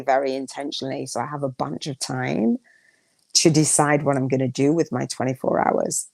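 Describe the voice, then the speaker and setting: A woman's voice: very deep voice, a little mellow, no echo. A woman hosting a solo podcast, talking casually and reflectively, rambling with restarts and repeated affirmations. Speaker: podcast host.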